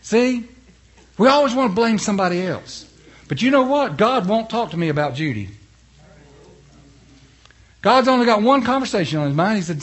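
Man, pastor, sermon, husky, slightly high voice, swings hushed to loud. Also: expressive, moderate pace, long pauses. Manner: rhetorical questions to the congregation.

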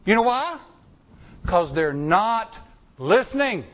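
A man with a fairly high voice delivers a sermon as the pastor. He talks in a folksy, conversational way, swinging his pitch up and down as he makes his points. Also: big pitch swings, takes it slowly, fairly bright tone.

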